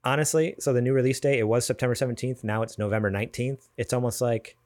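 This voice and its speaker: A man's voice: mid-range voice, fairly even intonation, fast talker, a little mellow, dry recording. A man co-hosting a gaming podcast, chatting loosely and reading news items aloud. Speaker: podcast co-host. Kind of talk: casual gaming news chat.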